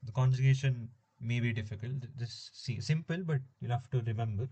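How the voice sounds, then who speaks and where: Relaxed male tutor, mellow husky voice. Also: mid-range voice, a little fast. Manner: relaxed, explaining step by step with frequent fillers. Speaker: French tutor. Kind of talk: informal recorded language lesson.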